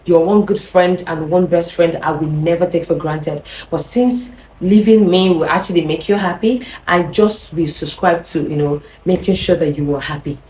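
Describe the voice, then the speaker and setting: A woman's voice: lowish voice, moderate pace, few pauses, darkish tone, a little hiss or hum, close to an everyday voice. A woman playing a sultry, manipulative lover. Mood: cold. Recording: roomy echo.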